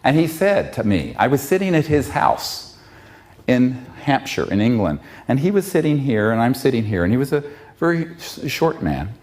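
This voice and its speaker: A man's voice: medium pitch, big pitch swings, normal speed, darkish tone. A man giving an impassioned public talk, fiery and emphatic. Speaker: public speaker.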